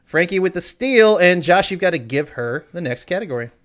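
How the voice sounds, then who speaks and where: A man's voice: high voice, a little fast. A man hosting a casual trivia quiz, reading questions and judging answers. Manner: lively, reads trivia questions aloud. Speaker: quiz host. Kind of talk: casual quiz show banter.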